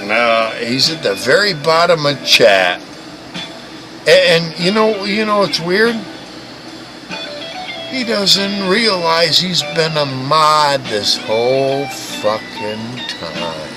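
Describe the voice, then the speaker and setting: A man's voice: a little high, expressive, slow pace, low-quality recording. A man hosting a livestream, ranting and mocking in a crude, profane way, often stammering and restarting. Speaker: livestream host. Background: music playing.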